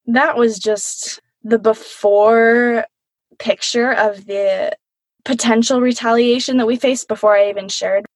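A woman's voice: a little high, steady tone, measured pace, dry recording. Earnest young woman, dry close sound. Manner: earnest, candid, emotional. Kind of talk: personal storytelling.

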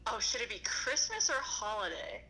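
A woman's voice: fairly high pitch, sing-song, moderate pace, sharp tone, low-quality recording. A young woman in her twenties, a student calling in to a podcast and chatting in an upbeat, giggly way. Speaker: student caller. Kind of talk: casual chat. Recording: patched-in line.

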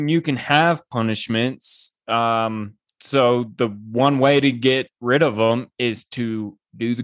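A man's voice: mid-range voice, a bit bright, dry recording, clean studio sound. A young man in a casual chat, recounting an anecdote with fillers and laughs. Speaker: podcast co-host. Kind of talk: casual chat among friends.

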